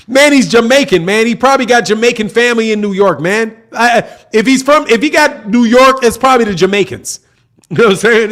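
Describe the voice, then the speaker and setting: High-voiced, laughing man. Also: fairly bright tone. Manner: laughs often, slangy, repeats "man". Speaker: boxing channel host. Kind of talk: casual livestream chat reading comments.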